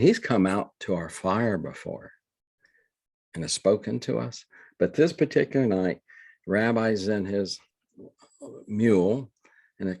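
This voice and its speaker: An older man, telling a long personal story as an interview guest in an earnest, halting way with many restarts. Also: sits low, darkish tone, husky, no room sound. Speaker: guest, reverend. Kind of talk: conversational storytelling.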